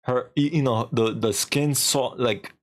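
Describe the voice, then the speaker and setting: In a mid-range voice, a little slowly, a man on a stream tells a story in a loose, rambling fashion. He animates it by acting out each quoted line.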